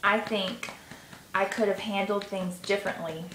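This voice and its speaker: A woman guiding a tapping session, coaching gently and sighing between slow repeat-after-me phrases. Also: medium pitch, steady tone. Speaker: tapping guide. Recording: echoey room with faint noise.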